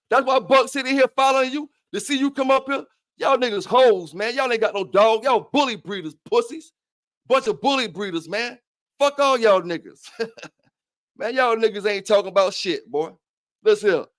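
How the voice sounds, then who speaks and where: A man's voice: very high-pitched, moderate pace, a bit bright. A man hosting a livestream, taunting and cursing at a rival in heated trash talk. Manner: profane, taunting, challenging. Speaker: livestream host.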